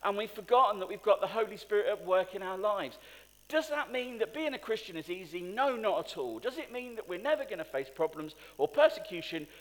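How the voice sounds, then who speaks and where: Man preaching in a big echoey church, really animated, asks the crowd stuff. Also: sits high, brisk. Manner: animated, rising to emphatic peaks, asks the congregation questions. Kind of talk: sermon. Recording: long hall reverb.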